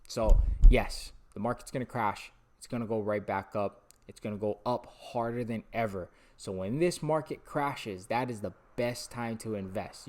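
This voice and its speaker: A young man talking excitedly to camera about sports card investing, rambling and losing his train of thought. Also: on the low side, a little hiss or hum. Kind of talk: casual talking-head monologue.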